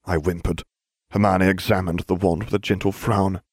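A man reading a story aloud in a lively, animated way. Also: sits low, moderate pace, slightly rough, no room sound, clean studio sound. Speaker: narrator. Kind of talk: reading fan fiction aloud.

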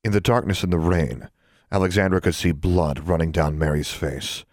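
A man reading a novel aloud as an audiobook narrator, in a measured, steady manner. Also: low-pitched, no room sound, clean studio sound. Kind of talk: scripted narration.

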